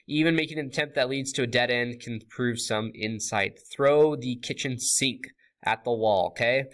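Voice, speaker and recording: A man's voice: medium pitch, a bit bright. A man teaching a recorded math lesson in a casual, chatty way, with fillers, restarts and jokey asides.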